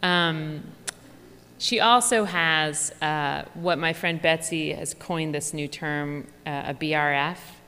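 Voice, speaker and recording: A woman's voice: deep voice, takes it slowly, bright, forceful tone, smooth. Effusive Philly woman in a big hall. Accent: Philadelphia. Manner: effusive, chatty, laughs often. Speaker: author giving a talk. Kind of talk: lively humorous stage talk. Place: large hall before an audience.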